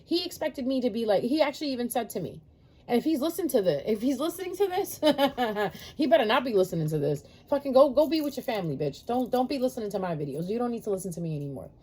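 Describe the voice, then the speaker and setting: A woman reads tarot in a blunt, passionate, cursing monologue. Her pitch sits a little high and swings widely, and her tone is husky and mellow. She talks casually and directly to her viewers. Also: big pitch swings, racing. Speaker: tarot reader.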